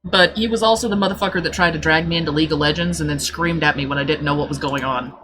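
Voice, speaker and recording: A woman's voice: deep voice, quick pace, noisy background. Blunt, foul-mouthed woman streamer. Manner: blunt, profane, animated storytelling. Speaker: livestreamer. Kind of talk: casual storytelling chat on a live stream.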